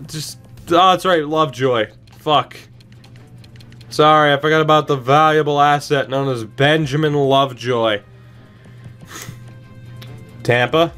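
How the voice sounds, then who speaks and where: A man commentating a video game, exasperated and pleading, swearing often and dropping sarcastic asides. His voice sits a bit high and sounds bright, and he drags his words out slowly. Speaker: gaming channel host.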